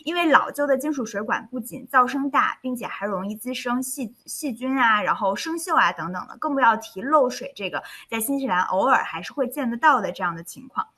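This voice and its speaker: A woman hosting and interpreting a webinar over a video call, switching between Chinese and English in a cheerful, lively way. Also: a little high, brisk, few pauses, husky.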